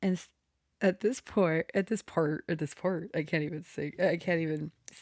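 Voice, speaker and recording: A woman with a low, gravelly voice chats slowly and loosely, giggling and trailing off mid-thought. Her voice is close and dry, with no room sound. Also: steady tone, a little mellow, dry recording. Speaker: tarot channeler and storyteller. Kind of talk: casual chat reading out musical lyrics.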